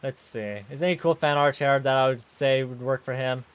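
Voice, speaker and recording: A man streaming live, talking casually and ranting excitedly in bursts while reacting on screen. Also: medium pitch, brisk, clean tone.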